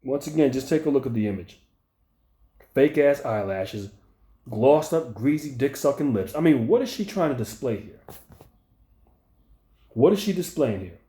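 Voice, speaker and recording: A man's voice: medium pitch, expressive, normal speed, long pauses, warm tone. Man ranting profanely in an echoey room. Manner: profane, heated and mocking. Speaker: commentary channel host. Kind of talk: ranting video commentary.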